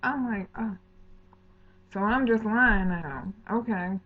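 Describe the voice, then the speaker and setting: Woman, storytime vlogger, indignant, slangy, mid pitch, tinny phone-like sound. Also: slow, breathy edge. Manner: heated, indignant retelling with slangy asides and quoted dialogue. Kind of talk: storytime vlog narration.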